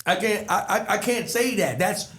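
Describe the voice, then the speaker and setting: A man who is a comedian, a guest on a podcast, telling a story in an animated, profane way and laughing as he goes. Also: high-pitched, normal speed, background noise.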